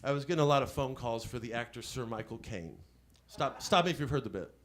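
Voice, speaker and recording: A male stand-up comedian on a comedy club stage, rambling with quick self-deprecating asides. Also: medium pitch, expressive, a bit bright, a little hiss or hum. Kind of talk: stand-up set.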